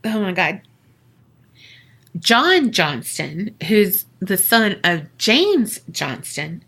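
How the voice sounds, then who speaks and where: A woman chats through a spooky tale on a podcast in a bright, forward voice. She takes her time, peppers the story with profanity and jokes, and leaps up in pitch when she plays the people in it. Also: sing-song, very slow, slightly rough. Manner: chatty, profane, jokey asides; acts out quoted voices with big pitch jumps. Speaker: podcast co-host. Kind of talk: casual storytelling.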